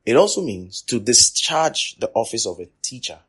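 Husky-voiced male preacher, emphatic. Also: medium pitch, big pitch swings, normal speed, hardly any pauses. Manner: repetitive, emphatic, swings from loud to quiet. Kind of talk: sermon teaching.

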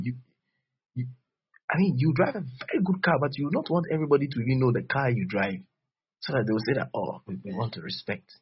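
A man preaching a sermon as pastor, repeating phrases and swinging between loud bursts and soft drops. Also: medium pitch. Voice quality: husky. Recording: dull lo-fi recording.

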